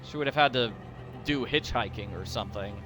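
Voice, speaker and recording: A man's voice: mid-range voice, brisk, over loud music. A man giving goofy, rambling, self-deprecating commentary as he plays a mystery game. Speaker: let's-play host. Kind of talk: casual gameplay commentary.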